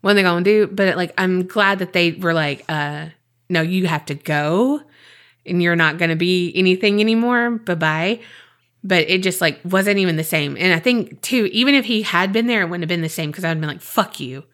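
A woman's voice: lowish voice, normal speed, a bit bright. A woman with a Southern US accent co-hosting a podcast, reading a listener's email aloud and then chatting casually with lots of fillers and swearing. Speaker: podcast co-host.

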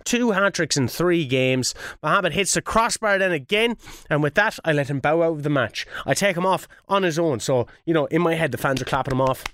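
An Irish man chatting casually on a podcast, his voice sitting a touch higher than most men's. He swears freely and leans hard on every "th", pronouncing it with exaggerated care. The recording is close and dry, with no room sound. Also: animated, fairly quick, a bit bright, dry recording. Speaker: podcast co-host. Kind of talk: casual chat about a football management game.

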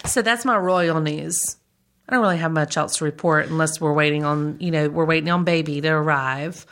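A woman with a Southern American accent, speaking in a low, slightly bright voice at a moderate pace. She's co-hosting a podcast, casually gossiping about celebrities with lots of fillers and laughter.

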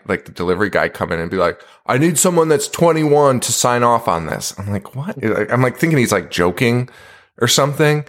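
A man with a somewhat low voice co-hosts a podcast in loose, casual chat. He talks in a laid-back way, laughs a lot and swears freely while telling stories to his co-host. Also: fairly bright tone.

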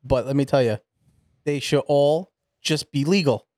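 A man's voice: fairly high pitch, unhurried, darkish tone, dry recording, clean studio sound. A man co-hosting a casual podcast chat, joking and swearing. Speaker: podcast co-host.

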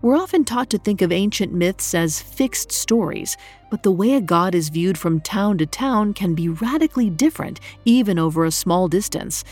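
A woman telling a myth in scripted, measured, dramatic narration. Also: medium pitch, lively intonation, darkish tone, soft background music. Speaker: storyteller.

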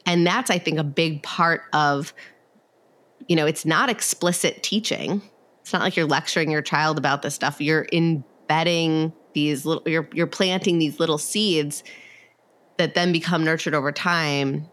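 A woman's voice: low-pitched, steady tone, unhurried, a bit bright. A woman therapist talking casually on a podcast, using lots of fillers and sometimes acting out quotes. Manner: conversational, many fillers, acts out quoted voices.

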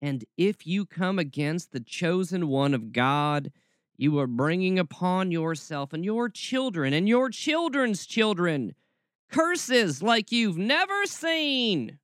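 A man putting on a mocking impression of a fervent Southern woman preacher, with a slow, exaggerated drawl and a Southern accent. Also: sits high, big pitch swings, a bit bright, dry recording, clean studio sound, voice pushed up, full character voice.

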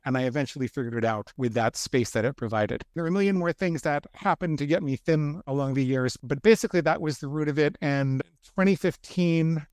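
Brisk self-mocking male storyteller. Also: mid-range voice, no echo, studio quality. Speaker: guest author. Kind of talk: storytelling interview talk.

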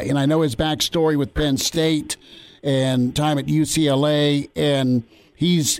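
A man's voice: fairly high pitch, a little mellow. A man hosting a sports radio show, asking long, rambling questions and repeating words as he builds them.

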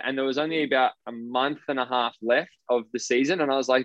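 An Australian man speaks at an ordinary middle pitch, blunt and emphatic, dropping swear words without a second thought. The sound is dry and a little dull, like a lo-fi recording with no room around it. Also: fast, hardly any pauses, fairly bright tone, dry recording. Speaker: professional basketball player guest. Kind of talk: casual interview storytelling.

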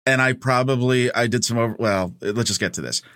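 A man co-hosting a casual movie podcast, enthusiastic and animated. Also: medium pitch, a little fast, no echo, clean studio sound. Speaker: podcast co-host.

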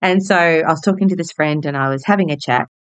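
An Australian woman in her forties talks through her own stories, bubbly and frank, dropping the odd swear word. Her voice sits fairly low, and the recording is close and dry. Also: fast talker, clear, resonant tone, no room sound. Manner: bubbly and candid, swears casually. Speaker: podcast host and hairdresser. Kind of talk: personal storytelling monologue.

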